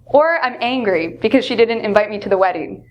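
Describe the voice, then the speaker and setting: A woman teaching English, explaining expressions patiently and acting out example lines with lively emphasis. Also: mid-range voice, brisk, dull audio, a little hiss or hum. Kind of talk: explaining English phrases in a lesson.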